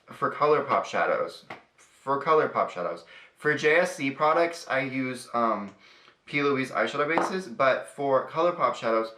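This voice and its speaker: A man's voice: mid-range voice, expressive, a little slow, bright, forceful tone. A young man chatting casually through a makeup tutorial in a sassy, profane, chatty way. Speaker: beauty vlogger. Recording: echoey room.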